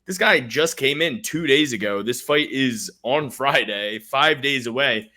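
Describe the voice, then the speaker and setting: A man's voice: mid-range voice, lively intonation, measured pace, sharp tone. A man co-hosting a sports betting podcast, brash, profane and emphatic in casual chat. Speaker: podcast co-host making fight picks.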